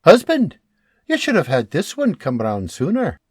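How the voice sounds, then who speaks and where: Guy doing a high gushy young mum, husky edge, all over the place. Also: wildly swooping pitch, moderate pace, no echo, clean studio sound, heavily acted. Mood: gushing. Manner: exclamatory, gushing. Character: young woman, mother of a newborn, warm and excitable.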